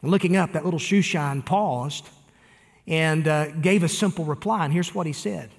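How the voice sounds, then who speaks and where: A pastor delivers a sermon in a somewhat high male voice, pressing his points earnestly and turning straight to the congregation. His words ring out with a long reverb, as from a large hall. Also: normal speed. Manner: earnest preaching with direct appeals to listeners.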